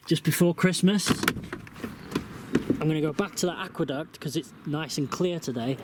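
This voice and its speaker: A man vlogging casually as he drives and walks around a town, joking at his own expense and muttering asides. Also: on the high side. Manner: chatty, self-mocking, mutters asides. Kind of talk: casual travel vlog. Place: outdoors in town and in a car. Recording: loud street noise. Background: loud outdoor and traffic noise.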